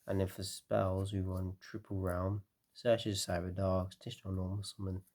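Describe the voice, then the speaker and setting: Tired man, dark mellow voice, gravelly, casual rambling deck walkthrough. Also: low-pitched, moderate pace. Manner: relaxed, rambling, frequent fillers. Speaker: card game deck explainer.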